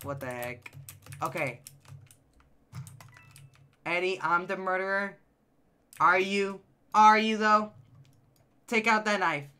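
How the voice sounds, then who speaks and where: A male game streamer plays while chatting excitedly and answering his live chat, his high-pitched voice sometimes cracking. His delivery is slow and smooth, with long pauses. He's excitable and talkative, reacts to the chat, and repeats phrases.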